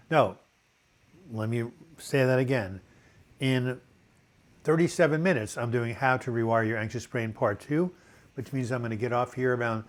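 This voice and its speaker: With a medium-pitched voice, an older man runs a casual live video chat, pausing for a dry cough. He reads out viewer comments and tosses in corny jokes.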